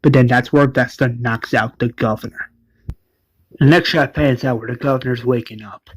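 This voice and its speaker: A man casually retelling an episode, rambling with lots of "like" and quick self-corrections. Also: mid-range voice, steady tone, breathy edge, dry recording, rough recording. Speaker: show recap narrator.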